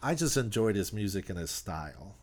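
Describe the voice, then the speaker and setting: A man, a touring musician, chatting in an interview with animated, rambling talk full of restarts. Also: fairly low pitch, a little fast, husky. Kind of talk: casual interview chat.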